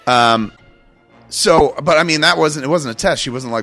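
A man telling a story in a casual podcast chat, animated and full of swearing. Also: fairly high pitch, normal speed, faint music behind. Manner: animated, profane, emphatic storytelling.

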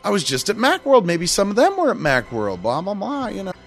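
Animated, swearing male storyteller. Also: high-pitched, brisk, faint music behind. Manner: animated, profane, emphatic storytelling. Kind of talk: casual storytelling chat.

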